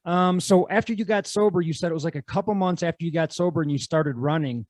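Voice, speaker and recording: Man in his forties, interview host, somewhat high voice, dry close sound. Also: fast talker, darkish tone, no room sound. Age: 40s. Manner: brief, encouraging interjections and questions. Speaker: podcast host. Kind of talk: casual interview conversation.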